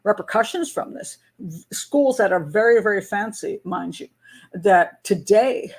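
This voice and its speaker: A woman's voice: mid-range voice, lively intonation, measured pace, breathy edge. An older American woman hosting a live patron hangout, chatting casually, laughing often and rambling through restarts. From United States. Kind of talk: casual live-stream chat.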